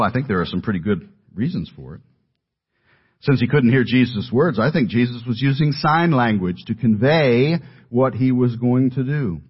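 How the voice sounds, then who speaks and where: A man's voice: medium pitch, breathy edge. A man preaching an expository sermon as pastor, earnest and rising with emphasis when he asks questions. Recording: dull, lo-fi sermon audio.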